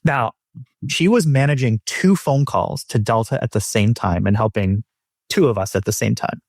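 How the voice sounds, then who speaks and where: Animated, swearing male podcast host. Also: medium pitch, moderate pace, no room sound, clean studio sound. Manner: animated storytelling with swearing and quoted voices. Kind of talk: casual chat.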